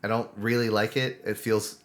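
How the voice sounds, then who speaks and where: A man's voice: lowish voice, little pitch movement, moderate pace. A man co-hosting a casual podcast chat who thinks aloud in loose, rambling phrases. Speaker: podcast co-host; improv teacher.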